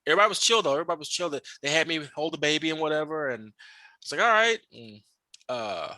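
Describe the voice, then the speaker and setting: A man telling stories in a casual podcast chat, animated and profane, acting out the voices of people he met. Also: fairly high pitch, fast talker, no room sound. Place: podcast studio.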